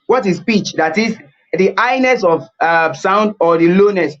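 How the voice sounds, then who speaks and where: A man's voice: high voice, measured pace, fairly bright tone, dull audio. A man teaching a singing webinar, repeating key points and explaining things as he plays the piano. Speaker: vocal coach.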